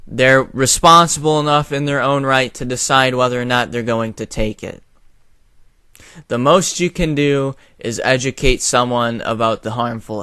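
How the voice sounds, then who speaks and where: A man's voice: medium pitch, bright, forceful tone, clear, resonant tone, no echo, clean studio sound. A young man who rants his opinions to his viewers in a blunt, profane way, with a lot of fillers. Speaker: video commentator. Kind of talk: opinion rant to camera.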